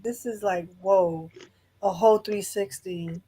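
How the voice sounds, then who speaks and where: A woman, a mother and former caregiver, chatting casually in a relaxed, conversational way. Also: mid-range voice, unhurried, slightly rough. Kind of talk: casual chat.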